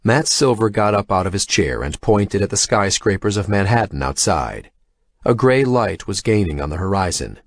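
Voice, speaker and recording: Low-voiced male audiobook narrator. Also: expressive, moderate pace, no room sound, studio quality. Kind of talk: scripted narration.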